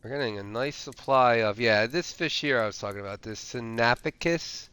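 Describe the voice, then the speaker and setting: Bright-voiced man rambling over gameplay. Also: mid-range voice, a little fast, smooth. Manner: rambling, thinks aloud with many fillers. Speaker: streamer. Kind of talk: casual gameplay commentary.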